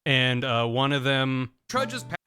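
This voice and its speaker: A man's voice: mid-range voice, very animated, slow pace, bright, forceful tone. A man streaming and chatting casually about his own video, rambling with fillers and self-deprecating asides. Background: faint music.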